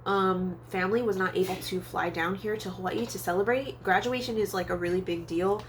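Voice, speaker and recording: A woman's voice: steady tone, fairly quick, a little hiss or hum. A young woman vlogging a candid storytime, chatty with lots of fillers, nose a little stuffy from allergies. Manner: chatty and candid, many fillers, acts out quoted voices in a high pitch. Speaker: psychic tarot reader and vlogger. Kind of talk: casual storytime monologue. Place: Hawaii.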